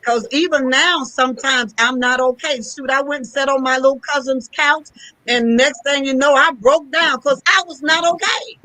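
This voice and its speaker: A woman's voice: high-pitched, fairly even intonation, normal speed, pushed and bright, no room sound, poor audio. A woman apostle who talks in an emphatic, sermon-like way during a discussion. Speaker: apostle and preacher. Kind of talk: preaching discussion.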